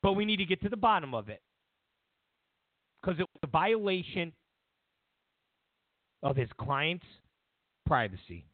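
Guy doing a sarcastic rant, high voice all over the place, tinny dry phone sound. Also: sing-song, a little slow, long pauses, no echo. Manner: mock-outraged, swings between shouting and mumbling. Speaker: host.

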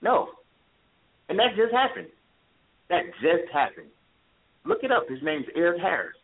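A man speaks over a thin, phone-like line, his voice a little high and husky. He is calling in to a talk radio show. His pitch swings widely as he drives his points home and repeats them. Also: very animated, unhurried. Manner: impassioned, repeats points for emphasis.

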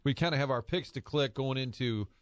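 A male radio host who talks in a relaxed way and asks curious questions. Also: mid-range voice, a little fast, no room sound. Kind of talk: casual radio chat.

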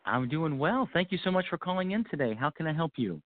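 A man's voice: on the high side, very animated, fast talker. A man hosting a call-in psychic reading show, giving reassuring, coaching advice to callers. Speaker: psychic radio host. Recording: tinny phone-like line, dry.

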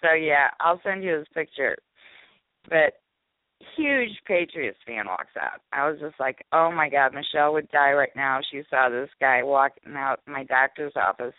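A woman's voice: very deep voice, expressive, moderate pace, no echo. A woman calling in to a radio show, chattily telling a story with frequent giggles. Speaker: caller and co-host. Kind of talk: casual storytelling. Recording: tinny phone line.

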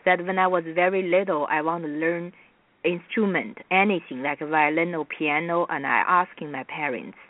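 A woman from China with a Chinese accent, whose first language is Mandarin, being interviewed as a guest actress on radio; she talks haltingly and restarts often, in simple non-native grammar. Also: low voice, no room sound. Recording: dry, tinny phone line.

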